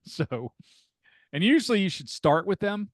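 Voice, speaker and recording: A man's voice: sits high, sing-song, unhurried, no room sound. Rambling older man telling stories. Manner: rambling storyteller who acts out quoted voices. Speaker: podcast guest, the father. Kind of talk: casual family chat.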